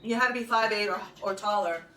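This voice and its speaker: Bright-voiced older woman telling stories. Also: medium pitch, quick pace. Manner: chatty, rambling, with frequent laughs. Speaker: podcast host. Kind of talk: personal storytelling monologue. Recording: roomy, distant from the mic, faint noise.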